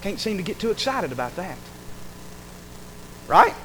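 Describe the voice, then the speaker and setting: A man's voice: sits high, wildly swooping pitch, normal speed, pauses often, a bit bright, slight background noise, poor audio. A man, a pastor, preaching a sermon emphatically, acting out quoted speech and calling for amens.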